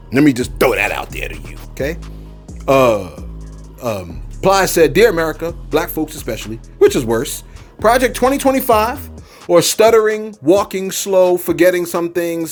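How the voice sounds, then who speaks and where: A man hosting a casual commentary channel, talking in a loose, slangy, joking way. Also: medium pitch.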